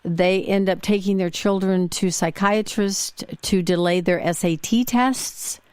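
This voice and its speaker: A chatty woman hosting a podcast, spinning casual stories at a middle pitch. She talks in a loose, conversational way. The sound is dry and close, with no room echo. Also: steady tone, measured pace, darkish tone, clear, resonant tone. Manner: chatty, with frequent fillers and restarts. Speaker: podcast host. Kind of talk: casual storytelling monologue.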